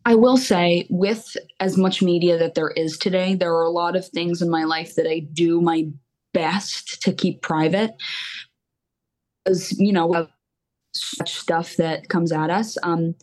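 A woman's voice: on the low side, steady tone, a little slow, a little mellow. A young woman singer-songwriter talking openly and at length as a podcast guest. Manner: open, candid, rambling with fillers. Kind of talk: casual podcast interview.

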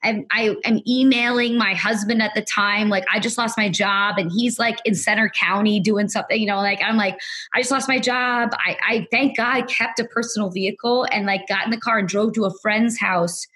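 A woman with a husky, slightly breathy voice at a middling pitch, chatting as a podcast guest. She rambles through her story with constant "like" fillers and slips into quoted voices for the people in it. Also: fairly even intonation, a little fast, hardly any pauses, fairly bright tone. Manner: rambling, heavy use of "like" fillers; acts out other people's lines in quoted voices. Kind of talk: casual storytelling interview.

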